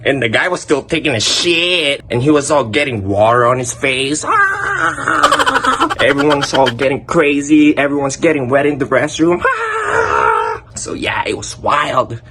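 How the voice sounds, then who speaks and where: A young man casually telling funny school stories, animated and profane, breaking into laughter. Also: medium pitch, normal speed, hardly any pauses, heavy background noise. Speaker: vlogger. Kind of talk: casual storytelling.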